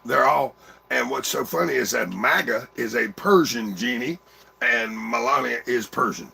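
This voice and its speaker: Gravelly older man telling halting stories. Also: medium pitch, pushed and bright, slight background noise. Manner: halting, rambling storytelling with many pauses. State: grieving. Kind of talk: casual grieving monologue to viewers.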